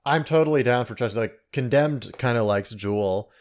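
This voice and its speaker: A man's voice: medium pitch, moderate pace. A man playing a tabletop game, chatting casually and hesitantly. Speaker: player.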